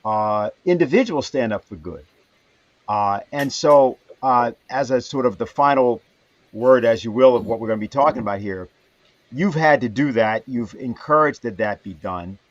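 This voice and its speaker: A man hosting a livestream panel who speaks haltingly with many fillers. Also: mid-range voice, dry recording. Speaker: host. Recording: dull dry lo-fi audio.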